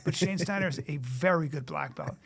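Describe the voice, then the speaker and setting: A man speaks with a fairly high voice, telling stories in a loose podcast chat. His delivery is punchy and profane, jumping quickly between beats. He sounds like a comedian working the room. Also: creaky. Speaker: guest comedian. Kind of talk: animated storytelling in casual chat.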